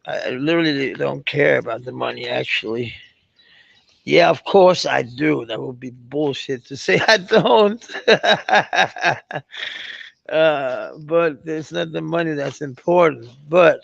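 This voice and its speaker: A man's voice: medium pitch, vocal fry, fairly bright tone. A man with a Danish accent chatting casually on a live stream, rambling and swearing often with many restarts. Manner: meandering, profane, many restarts. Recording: dull lo-fi stream audio.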